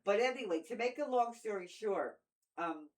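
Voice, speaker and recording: A woman's voice: medium pitch, animated, moderate pace, poor audio. An older woman in casual conversation, telling long personal stories, acting out quoted voices and talking often about God. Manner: storytelling with acted-out quotes, preachy about God. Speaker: stepmother in family talk.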